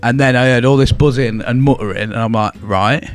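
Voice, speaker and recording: A young English man co-hosting a podcast tells a ghost story in casual chat, with a medium-pitched, slightly fast voice and an English accent over soft background music. He swears often and acts out what was said.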